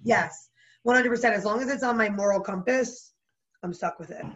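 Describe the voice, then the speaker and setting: Woman, New Jersey accent, podcast guest, animated casual chat, mid pitch, muffled recording. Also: normal speed. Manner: bubbly, lots of "like" fillers, animated.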